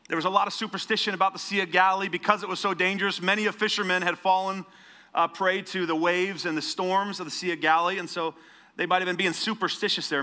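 Bright-voiced man preaching conversationally. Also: on the high side. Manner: conversational preaching with rhetorical questions. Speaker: pastor. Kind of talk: sermon.

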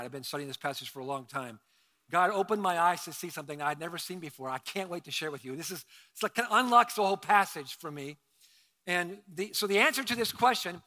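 Bright-voiced preaching man in a hall. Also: high-pitched. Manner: conversational preaching, rising to loud emphatic bursts. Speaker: pastor. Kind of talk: sermon.

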